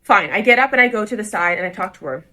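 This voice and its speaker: Bright-voiced woman telling a storytime. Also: mid-range voice, quick pace. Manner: animated retelling, quoting herself and staff. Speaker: influencer telling her story. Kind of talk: storytime video clip.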